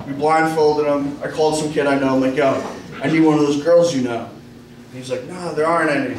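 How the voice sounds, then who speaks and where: Profane stand-up comic in an echoey club. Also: male voice, fairly high pitch, fairly even intonation, fairly quick, a little mellow. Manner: profane storytelling, acting out quoted lines. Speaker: stand-up comedian. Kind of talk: stand-up comedy set. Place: comedy club bar. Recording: echoey room, distant mic, club noise.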